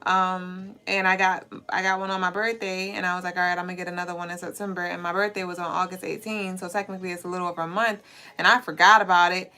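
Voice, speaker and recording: A woman's voice: lowish voice, flat delivery, fast, bright, forceful tone. A woman from Savannah, Georgia with a Southern accent, hosting a livestream and chatting playfully with viewers as she reads their comments. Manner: chatty and playful, laughs often. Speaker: livestream host. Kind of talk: casual livestream chat reading viewer comments.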